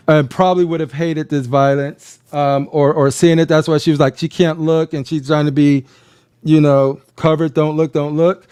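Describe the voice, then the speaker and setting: A man co-hosting a relaxed watch-along podcast with a smooth, resonant voice pitched a little high. He talks fast and acts out scenes in quick voices. The sound is dry and close. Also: no room sound. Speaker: podcast co-host. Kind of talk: casual watch-along chat.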